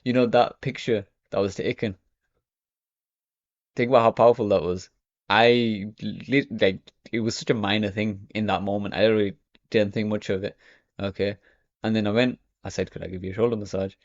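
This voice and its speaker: Young male vlogger, low and gravelly, chatty and rambling, dry muffled lo-fi sound. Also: fairly even intonation, moderate pace, no echo. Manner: rambling, full of "you know" and "okay". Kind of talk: casual talk to camera. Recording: dry, dull lo-fi audio.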